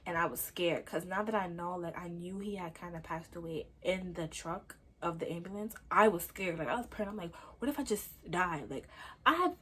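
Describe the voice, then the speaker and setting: A young adult woman telling a personal story in a casual, lively vlog style, with lots of fillers. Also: lowish voice, slightly rough. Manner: lively, chatty, full of fillers. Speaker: vlogger.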